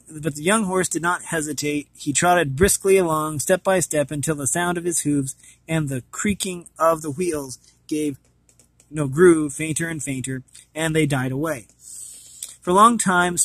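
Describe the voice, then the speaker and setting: A man's voice: a little high, fairly bright tone, dry recording. A man reading a storybook aloud who often stumbles and corrects himself mid-sentence. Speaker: storybook reader.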